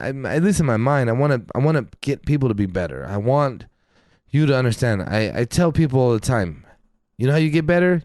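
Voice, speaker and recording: A man's voice: medium pitch, a little mellow, dry recording. A man co-hosting a podcast, talking in an emphatic, profane rant full of casual slang. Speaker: podcast co-host. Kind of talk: casual chat.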